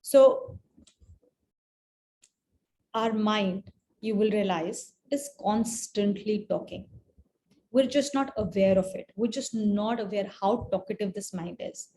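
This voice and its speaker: A woman teaching a scripture class in a conversational way, often checking in with her listeners and pausing with fillers as she explains. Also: mid-range voice, warm tone, slight background noise. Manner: conversational, keeps asking "right?"; pauses with fillers and restarts while explaining. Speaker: spiritual teacher.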